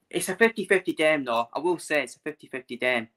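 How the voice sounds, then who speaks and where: Blunt, bright-voiced English football vlogger. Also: male voice, fairly high pitch. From England. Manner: blunt, repetitive, emphatic. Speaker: football channel host. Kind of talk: casual ranting match preview.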